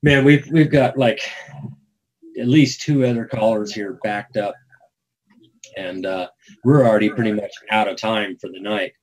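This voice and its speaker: A man's voice: fairly low pitch, unhurried, pauses often, rough recording. A man hosting a call-in talk show, talking in a rambling, earnest, preachy way.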